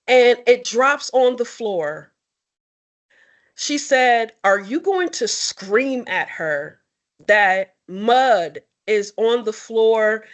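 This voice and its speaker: Expressive woman, higher voice, candid and open. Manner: expressive, tearful at times, candid. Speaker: podcast co-host. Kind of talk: emotional heartfelt conversation.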